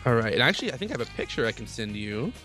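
A man's voice: mid-range voice, sing-song, very fast, sharp tone, faint music behind. A man hosting a playful quiz game on a podcast, explaining the rules and laughing often. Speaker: quiz host.

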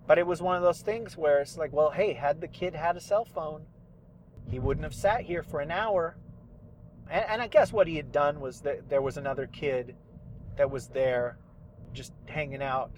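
A middle-aged man, a podcast host and fiction writer, delivers a casual solo monologue from a parked car, rambling with self-deprecating asides. His voice is medium-pitched, with a little hiss or hum in the audio.

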